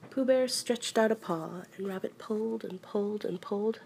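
A woman reading a children's storybook aloud in a soft, hushed voice that often drops to a whisper. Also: medium pitch, normal speed, creaky, slight background noise.

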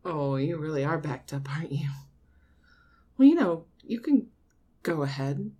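A woman playing a doting mother who talks to her grown son in a soft, coaxing audio role-play. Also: deep voice, big pitch swings, breathy edge, heavily acted. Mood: insistent teasing. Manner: soft, coaxing, slow, with frequent nervous laughs.

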